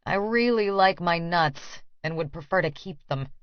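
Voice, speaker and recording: A man's voice: high voice, lively intonation, normal speed, smooth, dry recording. Woman doing a sarcastic, teasing big brother. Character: teasing, sarcastic older brother, blunt, easygoing. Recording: dry, slightly dull studio audio.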